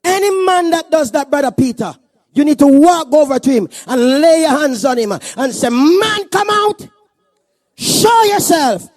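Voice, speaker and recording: A man preaching a sermon as pastor at a church service, animated and joking. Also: very high-pitched, moderate pace, no room sound.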